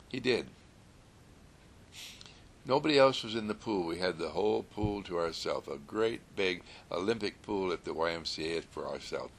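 A man telling a story in a gentle, soothing sermon style, repeating calm affirmations. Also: low-pitched, normal speed, a little hiss or hum.

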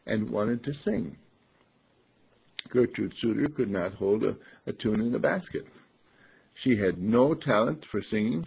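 A man giving an earnest, deliberate lesson on speaking clearly. He often clears his throat and restarts his phrases. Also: medium pitch. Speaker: speech teacher. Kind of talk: instructive talk on clear speech. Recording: dull lo-fi recording.

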